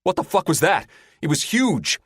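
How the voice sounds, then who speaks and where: A man's voice: fairly high pitch, very animated, moderate pace, slightly rough, no echo, studio quality, pitched above the performer's own voice. A man voicing a brash, commanding male fighter pilot who barks orders and swears in an audiobook. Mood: shouting. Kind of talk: audiobook character voice.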